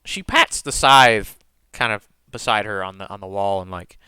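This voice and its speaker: A man runs a tabletop game, describing each moment loosely and with lots of fillers. His voice is bright and crisp. The sound is dry, with no room echo. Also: fairly low pitch, moderate pace. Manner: rambling, filler-heavy description. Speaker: game master.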